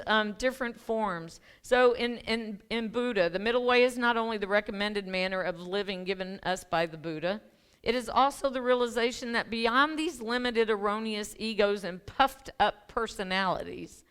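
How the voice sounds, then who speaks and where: A middle-aged woman minister talks through her sermon in a relaxed, chatty way, full of ums, restarts and laughing asides. Her voice is smooth and clear at a middle pitch. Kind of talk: casual conversational sermon. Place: church sanctuary.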